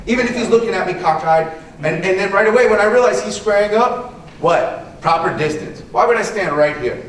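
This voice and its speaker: A man's voice: high voice, a little fast. Man, martial arts instructor, conference demo talk, repeats himself, echoey room, faint background noise. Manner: conversational, lots of "right?" check-ins, repeats words. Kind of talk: conference presentation with live demonstration. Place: conference hall. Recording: echoey hall, voice picked up from a distance.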